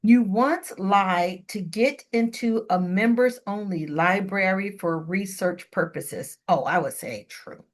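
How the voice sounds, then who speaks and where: A woman's voice: mid-range voice, takes it slowly, hardly any pauses. A middle-aged woman hosting a radio interview show, chatting playfully and laughing often. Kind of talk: casual interview chat.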